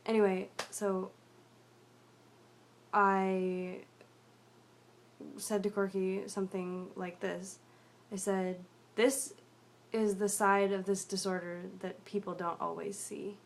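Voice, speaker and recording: Quiet, rambling young woman confiding. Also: mid-range voice, flat delivery, takes it slowly. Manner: rambling and confessional, frequent fillers, often drops to a quiet mutter. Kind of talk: personal video diary, candid storytelling.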